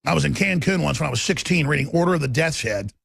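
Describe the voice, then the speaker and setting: A man's voice: on the high side, expressive, quick pace, gravelly, a bit bright, husky, dry recording. A man hosting a talk radio show, delivering a combative, emphatic monologue.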